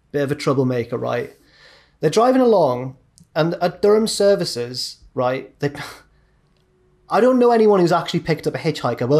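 A young podcast co-host with a fairly high, darkish voice tells a long, rambling story in a casual, chatty way, dropping into his mates' voices along the way.

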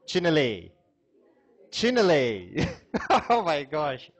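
A man's voice: a little high, huge pitch swings, slow. A man giving a classroom lecture, chatting with students, asking questions and laughing often.

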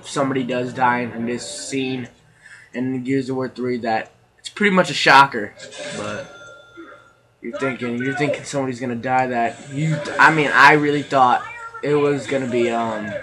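Male, gameplay commentary, casual rambling, joking, frequent laughter, mid pitch. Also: pushed and bright, rough recording.

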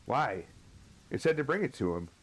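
A man's voice: mid-range voice, big pitch swings, moderate pace, breathy edge, rough recording. A young man streaming a horror game, chatting casually and swearing, greeting viewers as he plays. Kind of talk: live gameplay commentary.

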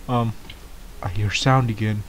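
A man giving excitable, baffled gameplay commentary as a first-time gamer, laughing often. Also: a little high, muffled recording, slight background noise.

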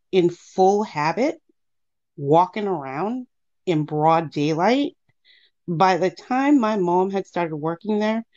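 A woman in her thirties calling in, telling a personal story casually with lots of fillers and acted-out quotes. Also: fairly low pitch. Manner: animated, acts out quotes, many fillers. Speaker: caller. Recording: muffled lo-fi call audio.

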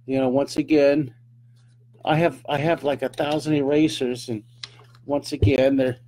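A man's voice: mid-range voice, level tone, measured pace, mellow, slight background noise. A middle-aged man from California giving a casual, chatty live drawing lesson, talking to his viewers as he draws. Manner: chatty, upbeat, talks to viewers while drawing. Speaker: drawing teacher.

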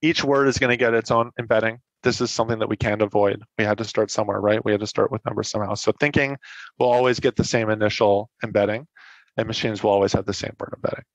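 A man with a fairly low voice gives a casual technical lecture, often stopping to rephrase and fill gaps with "uh" and "like". The recording sounds dull and lo-fi, and it is dry, with no room echo. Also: fairly even intonation, fast talker. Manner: casual, self-correcting explanations with frequent fillers. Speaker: presenter. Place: online meetup talk.

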